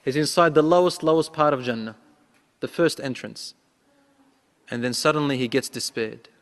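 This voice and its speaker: A man preaching a sermon, telling a story and acting out its dialogue with a rising voice, reciting prayers quickly. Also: medium pitch. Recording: long hall reverb.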